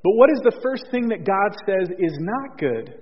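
A man's voice: high-pitched, very animated, normal speed. A pastor preaching a sermon, earnest, restarting his sentences and repeating key phrases. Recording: husky voice in a long church reverb, dull lo-fi sound.

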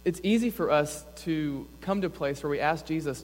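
A young adult campus pastor speaks at normal speed in a fairly high voice, preaching earnestly and conversationally with plenty of "like." A little hiss or hum is audible. The church hall adds long reverb.

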